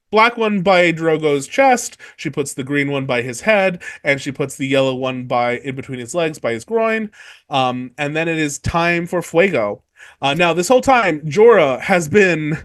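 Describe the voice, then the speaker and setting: Excitable, swearing man podcast host. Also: fairly high pitch. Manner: excitable, profane, animated. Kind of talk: casual book discussion podcast.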